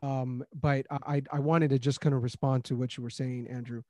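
A man's voice: medium pitch, flat delivery, a little fast, mellow, no room sound. A man hosting a Christian discussion, speaking earnestly with many restarts and rising emphasis on key points. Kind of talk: casual faith discussion.

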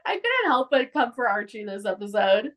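A woman hosting a podcast, casually recapping an episode with lively acted-out quotes. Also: a little high, moderate pace. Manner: animated, acts out quotes, laughs often. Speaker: podcast host.

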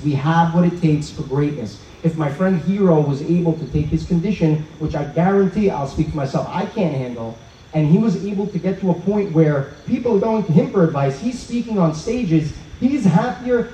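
A man giving an inspirational talk at an outdoor evening gathering, telling stories in an animated way and acting out the dialogue. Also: a little high, slight background noise. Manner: animated storyteller who acts out quoted dialogue. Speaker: speaker at a religious event. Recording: roomy, dull sound from a distance.

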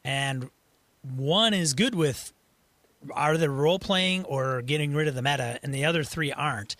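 Relaxed man hosting a podcast. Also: a little high, normal speed, dry recording. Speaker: podcast host. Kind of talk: casual chat.

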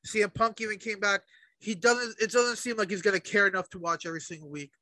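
Male co-host, high bright voice, dry close sound, animated cursing rants. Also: quick pace, no room sound, poor audio. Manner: animated ranting, heavy swearing. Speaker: podcast co-host. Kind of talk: casual chat.

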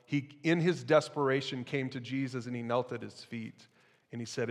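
A man's voice: medium pitch, steady tone, moderate pace, in a large hall. A man preaching a sermon as pastor, in a conversational style with casual asides to the congregation.

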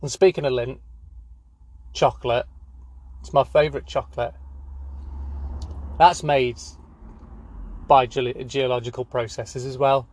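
A man hosting a spoof news segment, rambling deadpan with many fillers. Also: medium pitch, measured pace, long pauses. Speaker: comedy news host.

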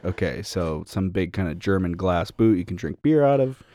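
A young man with a lowish voice chats loosely as a co-host, rambling through his thoughts with plenty of ums and restarts. The recording is close and dry, with no room sound. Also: lively intonation, moderate pace, mellow, no echo. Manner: rambling, hesitant, lots of fillers. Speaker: podcast co-host. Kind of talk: casual chat.

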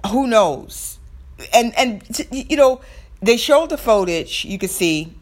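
A young woman with a Southern American accent talks casually on her own podcast, rambling with lots of fillers and restarts. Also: on the low side. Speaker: podcast host. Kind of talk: casual solo podcast talk.

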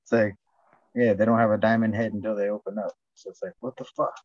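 A man's voice: fairly low pitch, little pitch movement, fast, darkish tone, no echo. A man telling rambling, profane stories in casual chat and acting out what people said. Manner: profane storytelling, acts out quotes. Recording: dull dry lo-fi sound.

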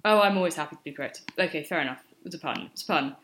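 A woman's voice: low voice, lively intonation, very fast, a bit bright, a little hiss or hum. A woman co-hosting a casual chat show, teasing her co-host and laughing easily. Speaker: co-host, bookshop worker.

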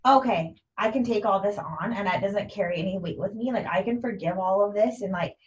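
A woman talking loudly and chattily in a casual conversation, often agreeing and encouraging. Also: mid-range voice, a little fast. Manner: loud talker, affirming, chatty. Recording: dull, distant mic.

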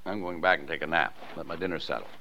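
An actor playing a patient small-town father in a 1940s radio play, talking gently and mildly teasing. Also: a bass voice, quick pace, heavily acted. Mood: fond. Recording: dull, hissy 1940s radio broadcast.

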